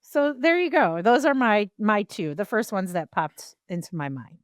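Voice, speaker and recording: A woman co-host talks in frank, rambling casual chat, hedging with ums and restarts. Her voice is smooth and clear at a middle pitch. It is recorded close and dry. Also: big pitch swings, moderate pace, dry recording.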